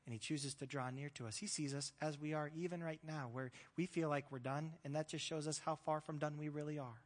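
High-voiced male pastor in a reverberant hall. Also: steady tone, a little fast. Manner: conversational, joking, acts out quoted voices. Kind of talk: sermon.

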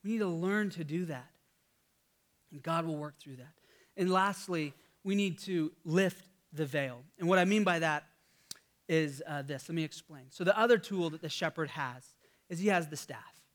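A man's voice: fairly high pitch, moderate pace. A man in his thirties, a pastor, preaching a sermon in a conversational storytelling way, with fillers and restarts.

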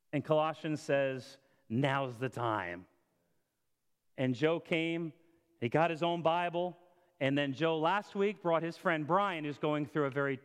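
A man preaching a sermon as pastor, rising to impassioned appeals and dropping to a hushed prayer, recorded in a church auditorium. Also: a little high, smooth. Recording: long hall reverb.

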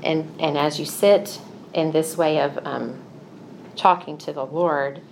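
A woman's voice: low-pitched, fairly even intonation, slow, gravelly, darkish tone, slight background noise. A middle-aged woman giving a Christian teaching talk, telling personal stories in an earnest, confessional way. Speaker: Christian speaker.

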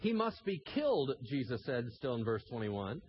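A man preaching a sermon as pastor, animated, acting out scenes with sudden shouted asides. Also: medium pitch, normal speed, lo-fi sound, a little hiss or hum.

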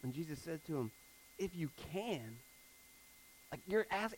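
A man preaching a conversational sermon, moving between hushed scripture reading and emphatic retelling. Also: fairly high pitch, sing-song, measured pace, long pauses, breathy edge, rough recording. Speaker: pastor.

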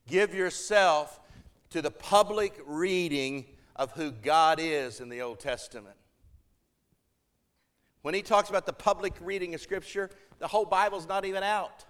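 A man's voice: on the high side, normal speed, a bit bright, clear, resonant tone. A man preaching a sermon to a church congregation, earnest and emphatic, building to fervent appeals.

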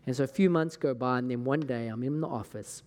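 Scottish pastor in a reverberant hall. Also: male voice, mid-range voice, quick pace, a little mellow. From Scotland. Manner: casual, chatty, acts out conversations. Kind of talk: storytelling sermon.

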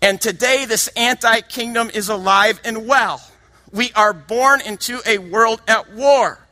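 Male preacher, fervent sermon delivery, high bright voice, big dynamic swings. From United States. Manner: impassioned, swings from hushed to shouting.

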